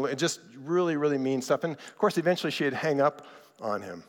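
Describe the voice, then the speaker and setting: A man preaching a sermon in a conversational, animated way, acting out the people in his stories. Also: on the high side, fairly quick. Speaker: pastor. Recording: reverberant hall.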